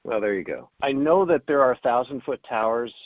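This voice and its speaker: A man's voice: mid-range voice, animated, a little fast, no echo. Man, casual radio chat, joking, rambling, phone-line sound, dry. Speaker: radio co-host guest.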